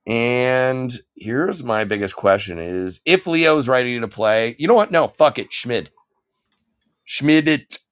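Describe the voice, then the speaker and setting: A man's voice: mid-range voice, expressive, takes it slowly, a bit bright, smooth. A man co-hosting a casual podcast chat, swearing often and thinking aloud as he weighs his picks. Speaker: podcast co-host.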